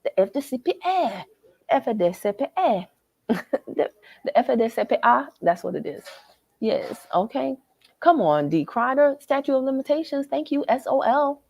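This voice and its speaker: A woman with a Southern American accent hosting a livestream, talking straight to her viewers in a worked-up, animated way from a hotel lobby. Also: sits high, normal speed, no echo. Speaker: livestream host. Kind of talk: animated live chat reading comments.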